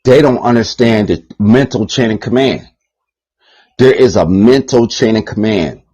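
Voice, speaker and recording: A man's voice: fairly low pitch, a little slow, warm tone, low-quality recording. A man giving a rambling, heated, profane monologue on his channel, repeating himself and swearing often. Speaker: channel host.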